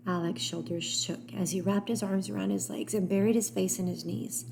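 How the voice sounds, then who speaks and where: A woman narrating an audiobook in a calm, steady storytelling manner. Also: medium pitch, moderate pace, creaky, hardly any pauses, a little hiss or hum.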